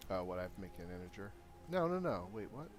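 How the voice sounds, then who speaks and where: A man with a fairly low voice chats casually on a live stream while coding his game, muttering to himself and then bursting out excitedly when things work. Faint music plays underneath his desk-mic talk. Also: fast. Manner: rambling, self-talk with sudden excited outbursts.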